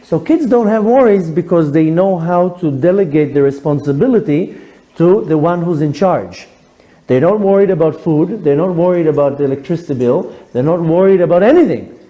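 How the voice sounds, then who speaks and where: A male rabbi giving a sermon, animated and humorous, acting out voices as he talks. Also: a little high, moderate pace, rough recording. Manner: animated storyteller, acts out quotes with humor.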